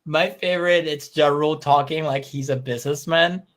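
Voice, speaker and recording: A man's voice: a little high, fairly even intonation, normal speed, fairly bright tone. Male co-host, casual and profane, filler-heavy chat. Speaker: podcast co-host.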